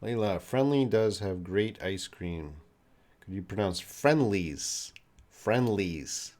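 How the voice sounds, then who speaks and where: Slow, low-voiced Canadian man teaching. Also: animated, a little mellow. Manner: patient, explains slowly in simple words. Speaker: English teacher. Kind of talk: live-stream English lesson answering chat questions.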